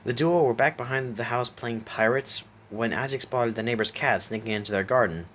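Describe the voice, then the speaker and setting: A man narrating a horror story aloud in a steady reading voice, sometimes stopping to correct a word. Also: mid-range voice, brisk.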